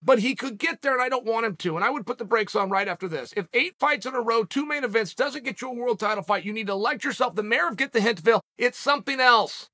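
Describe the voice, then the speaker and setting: High, bright-voiced man holding forth. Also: quick pace, few pauses. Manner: emphatic, punchy rhetorical delivery. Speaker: MMA podcast host. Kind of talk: casual commentary monologue.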